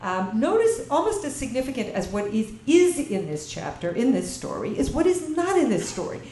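A warm, fairly high female voice with big swings in pitch moves at a moderate pace as she leads a Bible class. She poses questions to the audience and reads Hebrew verses, then translates them, in a lecture room where the audio echoes and faint ambient noise lingers.

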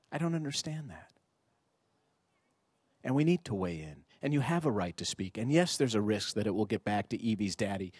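Slightly rough and somewhat low, this middle-aged man's voice comes through a dry recording. Standing before an audience of parents indoors, he gives a spirited, rhetorical talk that draws in the crowd, acting out dialogue along the way.

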